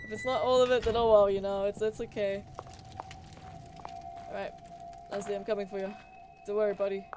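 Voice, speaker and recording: A woman's voice: mid-range voice, little pitch movement, a little fast. A woman streamer thinking aloud and swearing casually as she plays a game live, with game music behind her. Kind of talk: live gameplay commentary.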